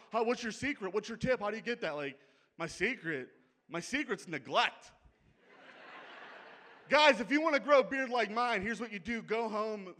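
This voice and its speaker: A man's voice: sits high, pushed and bright. A man with a Pittsburgh accent doing a brash, profane, conversational stand-up set on a comedy club stage. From Pittsburgh, USA.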